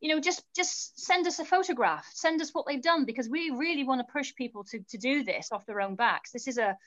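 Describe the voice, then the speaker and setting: A woman with a high voice speaking quickly and eagerly on a webinar. She stresses her points by repeating words, and the dull audio sounds lo-fi. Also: fairly bright tone. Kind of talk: casual webinar answer.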